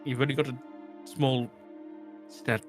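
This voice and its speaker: A man playing in a tabletop game, teasing and deadpan in character. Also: mid-range voice, unhurried, faint music behind. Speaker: player.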